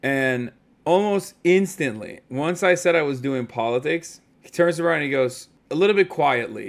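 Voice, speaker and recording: Male streamer, 30s, casual storytelling, animated and profane. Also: on the high side, normal speed.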